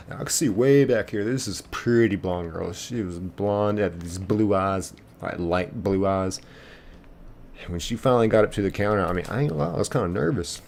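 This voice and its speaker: Low-voiced rambling streamer man. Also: a little mellow, a little hiss or hum. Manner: rambling, reads and answers chat. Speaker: live streamer. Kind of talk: casual chat while gaming.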